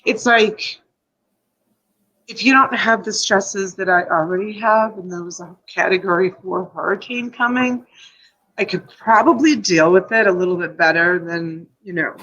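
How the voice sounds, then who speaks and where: A woman's voice: mid-range voice, normal speed, fairly bright tone, lo-fi sound. A woman hosting a casual live stream, emotional and tearful, rambling and reading out viewer comments.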